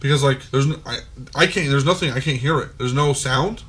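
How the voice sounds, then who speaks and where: A podcast host with a drawl, talking in an ordinary middle-pitched voice. He rambles through a story, peppering it with curses and fillers, and keeps checking in with his listeners. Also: brisk, husky. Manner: profane, animated storytelling with many fillers. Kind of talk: casual storytelling.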